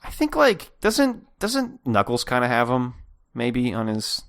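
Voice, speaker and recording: A man's voice: medium pitch, huge pitch swings, a little slow, a bit bright. A man co-hosting a podcast, talking casually with hesitant stops and many fillers. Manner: hesitant, many fillers and restarts, laughs mid-sentence. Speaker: podcast co-host. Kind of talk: casual chat.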